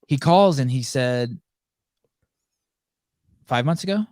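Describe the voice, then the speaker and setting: A man's voice: medium pitch, animated, takes it slowly, a little mellow, dry recording, clean studio sound. A man hosting a podcast, telling a story in casual, profane chat and acting out the dialogue. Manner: profane, acts out quoted dialogue. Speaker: podcast host.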